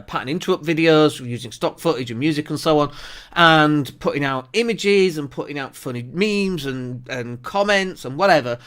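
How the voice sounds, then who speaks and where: A man hosting a marketing podcast, talking straight to camera in an energetic, persuasive way. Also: fairly high pitch. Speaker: podcast host, marketing agency owner. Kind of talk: direct-to-camera marketing talk. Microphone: camera at desk.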